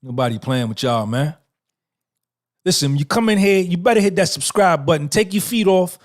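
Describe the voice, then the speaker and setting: A man's voice: high-pitched, animated, moderate pace. A man in his fifties hosting a livestream podcast, talking to his chat in a boastful, profane, streetwise way. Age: 50s. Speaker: podcast host. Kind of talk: boastful casual livestream talk, answering chat.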